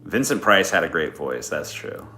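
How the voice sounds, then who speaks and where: Low-voiced man chatting on a livestream. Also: big pitch swings, normal speed, sharp tone. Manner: laid-back, swears a lot, reads chat requests. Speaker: livestream host. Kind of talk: casual livestream chat. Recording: echoey room with music behind.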